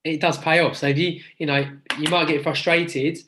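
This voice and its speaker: A man's voice: a little high, level tone, moderate pace, noisy background. A man co-hosting a podcast as a youth football coach, talking in a rambling, earnest and encouraging way over a remote call. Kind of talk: casual podcast chat.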